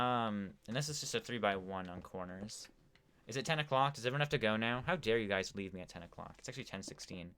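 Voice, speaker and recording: A man's voice: fairly low pitch, lively intonation, quick pace, a bit bright. A man live-streaming a building game, chatting casually to viewers with lots of fillers. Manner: rambling, talks to chat with many fillers. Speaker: gaming streamer.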